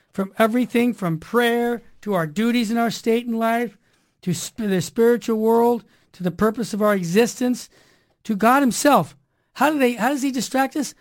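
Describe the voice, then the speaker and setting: A woman hosting a religious talk radio show in an emphatic, preachy monologue full of rhyming slogans. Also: on the high side.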